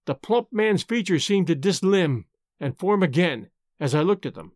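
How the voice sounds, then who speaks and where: A man narrating an adventure story aloud with expressive, dramatic delivery and hosting the show. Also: high voice, moderate pace, no room sound, studio quality. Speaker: audiobook narrator and host.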